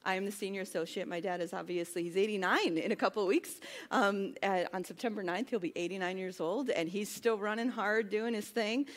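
A woman's voice: medium pitch, a little fast. A woman in her thirties, a worship pastor, giving a sermon in a chatty, self-deprecating way that builds into emphatic preaching. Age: 30s.

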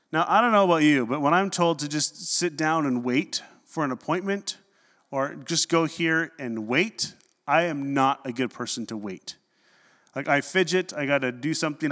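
A man preaching a sermon as pastor in a conversational, animated way, with humorous asides. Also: fairly high pitch, big-room sound.

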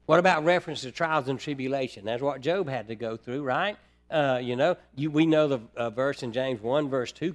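A man preaching a sermon who addresses the congregation as brethren, moving between quiet, low passages and loud, emphatic ones. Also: normal speed.

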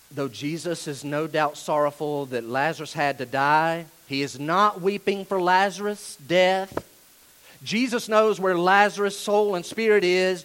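A man preaching a conversational sermon, swinging between hushed, quiet stretches and emphatic, rising moments. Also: high voice, rough recording. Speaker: pastor.

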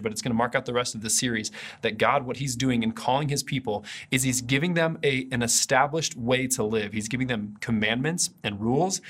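A man preaches a video sermon as a pastor, earnest and conversational, often restarting his phrases. His voice is husky and sits at a middle pitch for a man. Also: fairly bright tone.

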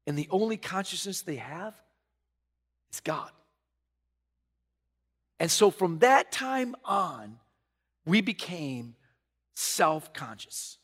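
High-voiced man preaching a lively sermon. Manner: animated preaching, swings from soft to loud. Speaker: pastor.

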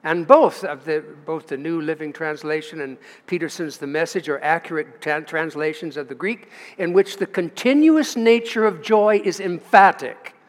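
Man, American accent, pastor, emphatic sermon, high-pitched, long church reverb. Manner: emphatic preaching with long pauses and rising stresses. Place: church sanctuary. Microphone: livestream from the pulpit.

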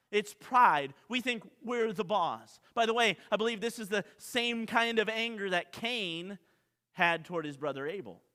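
A man's voice: sits high, sharp tone. A male pastor preaching a sermon with emphasis, repeating key lines and asking the congregation questions. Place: church sanctuary. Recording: long reverb of a large hall.

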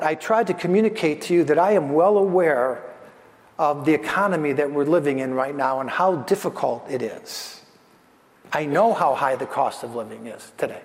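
A man's voice: on the high side, in a large hall. A man preaching a sermon as pastor, earnest and building his points through repeated phrases.

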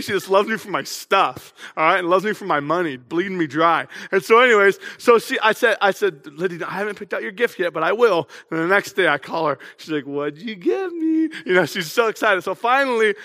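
A young male pastor with a high voice gives a casual, chatty sermon and keeps drawing the congregation in. His words trail off into a long reverb across the church hall. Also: pushed and bright.

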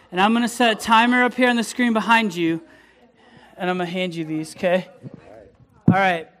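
Upbeat high-voiced man leading a group. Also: fairly bright tone. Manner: upbeat, playful, addresses the room directly. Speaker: youth group leader. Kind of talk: leading a youth group session.

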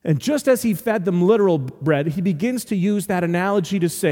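Male pastor, high voice, lively storytelling sermon, long hall reverb. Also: fairly quick, hardly any pauses. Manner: animated storytelling with humorous asides.

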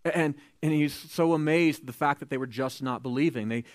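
A man preaching a sermon, retelling scripture with lively storytelling, acting out the quoted voices and adding joking asides. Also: fairly high pitch, fairly quick, no room sound, clean studio sound. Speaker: pastor.

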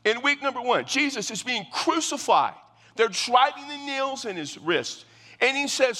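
A man's voice: extremely high pitch, lively intonation, moderate pace, bright, forceful tone. A man preaching a sermon as pastor, earnest and emphatic, often repeating his phrases. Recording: long reverb of a large hall.

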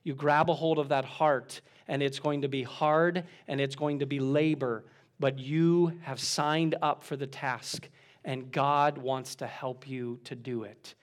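A middle-aged man, a pastor, preaching a sermon, exhorting with emphatic peaks that drop to soft, quiet lines. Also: medium pitch, steady tone, a little slow.

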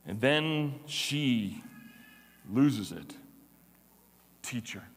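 Male pastor, slightly higher voice, sermon delivery that swings from hushed to emphatic, echoing church hall. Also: animated, unhurried. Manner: swings from hushed tender lines to loud emphatic declarations.

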